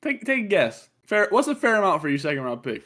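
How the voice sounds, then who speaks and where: A man's voice: high-pitched, big pitch swings, quick pace, fairly bright tone. A man co-hosting a casual sports podcast, teasing his partner and quizzing him on stats. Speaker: podcast co-host.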